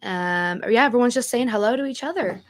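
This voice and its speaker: A woman co-hosting a live podcast, her voice slightly hoarse as it recovers, casually reading out greetings from the chat. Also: fairly high pitch, brisk. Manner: reads chat names aloud with repeated greetings and laughs. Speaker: podcast co-host.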